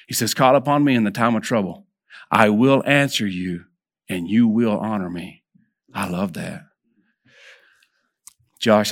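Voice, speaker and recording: Guy preaching to a room of men, gets loud and high then goes quiet for the prayers, lots of amen?. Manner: builds in pitch and volume when exhorting, drops soft and low for prayers; conversational, repeats words when restarting, calls for amens. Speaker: preacher at a men's gathering. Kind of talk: sermon.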